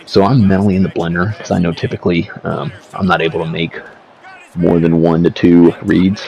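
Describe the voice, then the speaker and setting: Man, deep voice, gravelly fry, casual gameplay commentary, profane slang, slightly dull lo-fi mic. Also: little pitch movement, a little fast, a little mellow. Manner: rambling, profane, laid-back slang. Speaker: gaming video creator. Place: seated at home setup.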